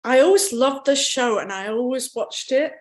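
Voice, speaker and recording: A woman from the English Midlands with a mixed English and Australian accent, chatting casually as an interview guest, with relaxed ums and restarts. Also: high-pitched, normal speed. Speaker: cinematographer guest.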